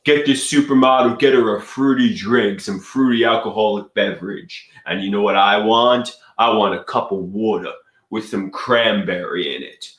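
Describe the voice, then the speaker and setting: A man's voice: medium pitch, animated, moderate pace, hardly any pauses, echoey room, natural voice. A man putting on a clumsy fake tough-guy Brooklyn voice, cocky and repetitive. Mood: swaggering.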